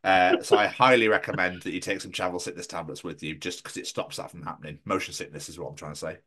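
A man's voice: low voice, steady tone, fast talker, sharp tone. A man hosting a podcast in casual chat, swearing and joking a lot. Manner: sweary, joking, does mock voices. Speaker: podcast host.

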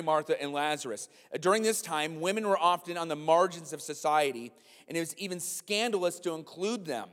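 A man preaching a sermon as pastor, animated and sometimes acting out a comic scene. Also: smooth, big-room sound. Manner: animated, acts out a comic scene in a loud high voice.

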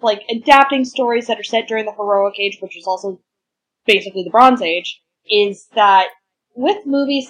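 A woman's voice: mid-range voice, fairly bright tone, breathy edge, muffled recording. A woman co-hosting a podcast, chatting casually and enthusiastically about history and stories, with crude humor. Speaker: podcast co-host. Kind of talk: casual chat.

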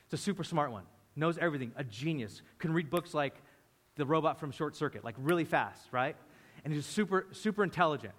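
Lively preaching man in a reverberant hall. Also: a little high, a little fast. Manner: lively storytelling, acting out the disciples. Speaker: pastor. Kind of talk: sermon.

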